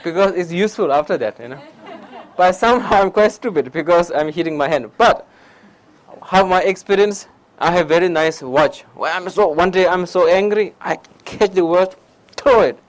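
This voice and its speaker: Nepali guy giving a meditation talk, high voice, broken english, lots of huh?. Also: moderate pace, rough recording. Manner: non-native English, animated anecdotes, frequent "huh?" asides. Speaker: meditation teacher. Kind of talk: public dharma talk. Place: lecture hall before an audience.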